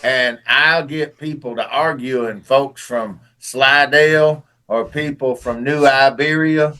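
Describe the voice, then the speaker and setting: A man's voice: medium pitch, steady tone, slow, sharp tone. A man from East Texas, a co-host making colorful wisecracks in casual chat.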